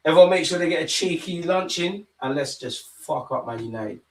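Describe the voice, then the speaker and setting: Excitable young man streaming football. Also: on the high side, a little fast. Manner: excitable banter with chat, London slang, swears, laughs often. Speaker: football watch-along streamer. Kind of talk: live match watch-along chat.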